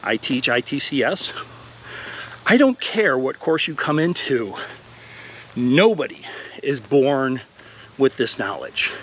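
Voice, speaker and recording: A man's voice: medium pitch, sing-song, slow pace, long pauses, a bit bright, slight background noise. A man who teaches college, talking earnestly and encouragingly while walking an outdoor path, a little out of breath, with plenty of fillers. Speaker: college instructor. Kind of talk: walking vlog talk.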